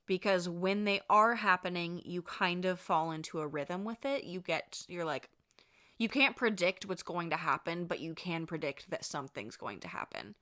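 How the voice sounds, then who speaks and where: A woman vlogger telling a ghost story in a chatty, animated, casual way, laughing and swearing freely. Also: on the low side, moderate pace.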